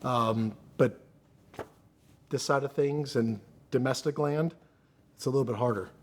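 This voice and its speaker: A man's voice: medium pitch, a little slow, slight background noise. A man speaking earnestly as a guest in an interview, often restarting his sentences as he searches for words. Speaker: podcast guest. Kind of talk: candid conversational interview.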